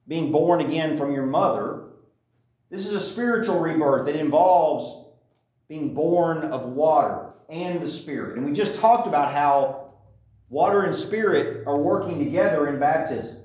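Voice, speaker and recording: A man's voice: fairly high pitch, animated, unhurried, darkish tone. A man preaching a sermon in a conversational way, often repeating phrases for emphasis. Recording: echoey room, mic at a distance.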